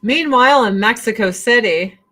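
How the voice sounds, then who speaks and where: A woman's voice: on the high side, moderate pace, a bit bright, slight background noise, poor audio. A woman hosting a casual commentary stream, ranting sarcastically and swearing freely. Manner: sarcastic, profane, exasperated.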